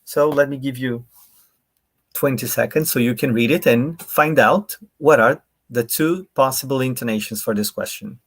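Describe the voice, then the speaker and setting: A man's voice: mid-range voice, moderate pace, slightly rough. A man giving a live online workshop, addressing viewers directly in a friendly way and demonstrating intonations aloud. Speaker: workshop presenter. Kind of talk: live online teaching talk.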